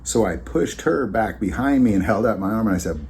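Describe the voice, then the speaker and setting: A man's voice: on the low side, normal speed, darkish tone, slight background noise. A man hosting his own vlog, telling a story in a rambling, conversational way with many fillers and restarts. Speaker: channel host.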